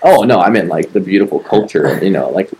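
A man with a low, darkish, expressive voice co-hosts a podcast, telling a story fairly quickly. He rambles casually, swearing a lot and using plenty of filler words, on a low-quality recording.

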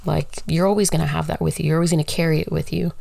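A woman's voice: low-pitched, flat delivery, very fast, creaky, warm tone, no room sound. A woman talking through a casual solo monologue, candid and rambling, swearing freely.

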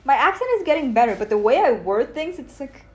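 A young woman from Vietnam whose first language is Vietnamese, a soft-spoken, playful podcast guest. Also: sits high, very animated, a little fast. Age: young adult. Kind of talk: casual chat.

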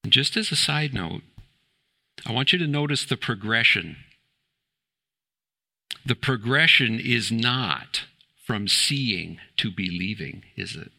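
A man's voice: mid-range voice, lively intonation, slow pace, gravelly, pauses often, pushed and bright. A man preaching a sermon in church, emphatic and fond of rhetorical questions, building to exclamations. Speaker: pastor.

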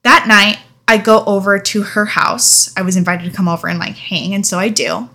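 Bright-voiced young woman telling a frank story. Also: mid-range voice, fairly even intonation, normal speed. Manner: frank, emotional, casual swearing. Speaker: vlogger. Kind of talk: candid storytime vlog.

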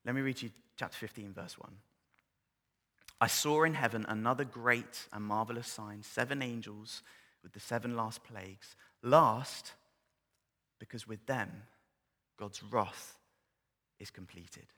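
A man preaching a sermon, moving between loud, impassioned build-ups and hushed, near-whispered scripture reading. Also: lowish voice, measured pace, pauses often, long reverb tail. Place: church hall.

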